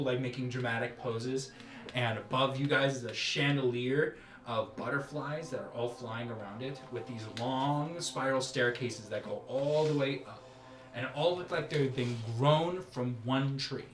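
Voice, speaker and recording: A man narrating as game master of a tabletop game, describing scenes in an animated way. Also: medium pitch. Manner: animated, laughing through scenes. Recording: echoey room with music.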